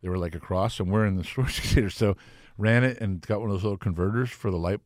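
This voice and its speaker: Low-voiced guy in his 50s, swears a lot, easygoing storytelling, dry close sound. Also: fast talker, a little mellow, no room sound. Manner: profane, laid-back storyteller. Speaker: guest. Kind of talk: casual storytelling chat.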